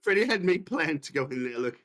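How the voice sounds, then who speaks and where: Casual player with a lively pitch. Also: brisk. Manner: casual, questioning, self-deprecating. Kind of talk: casual tabletop game chat.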